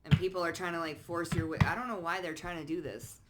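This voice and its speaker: A woman doing a casual spoken card reading, blunt and sassy, swearing freely and calling the listener honey and baby, jumping from low asides to loud outbursts. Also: fairly even intonation, quick pace, background noise. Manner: blunt, sassy, peppered with swearing and pet names; emphatic, swings between low asides and loud bursts. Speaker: psychic card reader.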